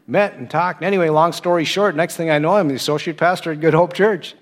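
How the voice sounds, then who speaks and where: A middle-aged man giving a sermon, telling his own story in a conversational way with animated quoted asides. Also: a little high, fairly quick. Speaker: associate pastor turned preacher. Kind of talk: sermon with personal testimony.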